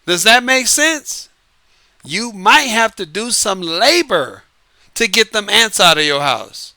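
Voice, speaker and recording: Man, host, lively talker, laughs a lot, crisp and very bright voice. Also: high voice, slow, no echo. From United States. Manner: lively, repetitive, laughs often. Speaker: podcast host and author. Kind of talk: casual late-night monologue. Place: Southern California.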